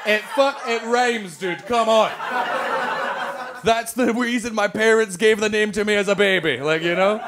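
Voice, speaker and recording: A man's voice: high voice, moderate pace. A Scottish man doing stand-up crowd work, teasing and profane, laughing as he talks. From Scotland. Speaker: stand-up comedian. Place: comedy club. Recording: live club mic with noise.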